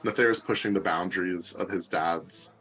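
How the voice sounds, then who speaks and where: Joking man on a low-ish voice. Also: normal speed, fairly bright tone, husky, low-quality recording. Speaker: book podcast co-host. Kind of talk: casual book discussion.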